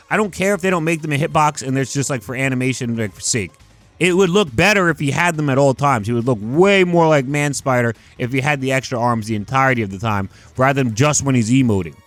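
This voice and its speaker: A man's voice: fairly high pitch, fairly bright tone, dry recording. A young man hosting a casual video-game review, emphatic and swearing freely. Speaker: gaming video host.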